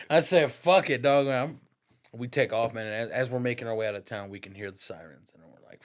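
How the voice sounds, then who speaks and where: A man's voice: mid-range voice, fast. A man on a podcast as the guest, telling a story in a casual, profane, slang-heavy way and laughing through it. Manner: profane, slang-heavy, addresses listener as "dog"; laughs through his stories.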